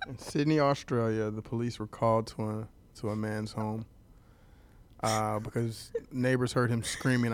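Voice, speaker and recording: A man's voice: on the low side, steady tone, moderate pace. A man co-hosting a podcast, chatting casually with dry, joking reactions. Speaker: podcast co-host. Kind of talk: casual chat.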